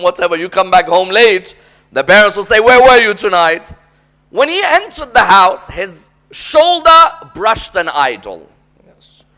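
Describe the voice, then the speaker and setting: A man's voice: sits high, pushed and bright. A man preaching a sermon as a dramatic story, often prompting the audience to respond.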